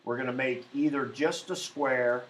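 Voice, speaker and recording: A male math teacher lecturing his class in a casual, meandering way, stressing key words and filling pauses with "um" and "you know". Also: medium pitch, fairly even intonation, slight background noise. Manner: informal, many fillers, emphatic stresses. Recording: echoey classroom.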